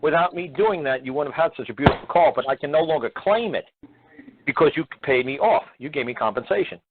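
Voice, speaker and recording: A man's voice: a little high, expressive, fast talker, husky. Plainspoken man on tinny radio audio. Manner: plainspoken and rambling, stumbles and repeats words. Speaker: radio show host. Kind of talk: casual call-in radio talk.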